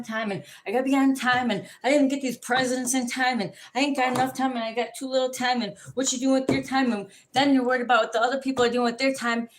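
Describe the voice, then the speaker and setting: A woman ranting casually to the camera, profane and rambling, telling animated stories. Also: fairly high pitch.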